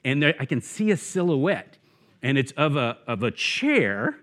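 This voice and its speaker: A man's voice: medium pitch, unhurried. A man preaching a sermon as a guest speaker, telling a story with acted-out voices and then moving into his message. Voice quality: bald. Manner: animated storyteller, acts out shouts. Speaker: guest preacher, church network director.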